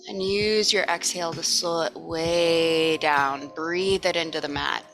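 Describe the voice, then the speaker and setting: Yoga teacher lady, lowish voice but bright, chill chatty cues, soft music behind. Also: measured pace. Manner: relaxed, chatty, soothing cues. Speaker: yoga instructor. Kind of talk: guided yoga class.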